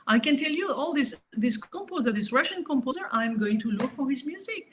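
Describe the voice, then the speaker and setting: A French-accented woman with a notably high voice talks animatedly in a relaxed interview, pressing her points with emphasis and often restarting her sentences. A faint hum of background noise sits under her speech. French is her first language. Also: fairly quick. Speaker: harp teacher and guest. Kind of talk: casual interview conversation.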